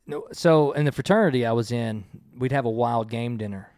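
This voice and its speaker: A man's voice: medium pitch, brisk, darkish tone, dry recording, studio quality. A man chatting casually as a podcast co-host, telling rambling stories with stammered restarts. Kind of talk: casual chat. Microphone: headphones with a mic on a remote call.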